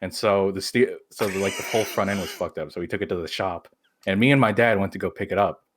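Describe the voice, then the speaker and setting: A man's voice: low voice, fast talker. A man co-hosting a live-streamed podcast, telling family stories in casual chat, swearing often and laughing as he talks. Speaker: podcast co-host.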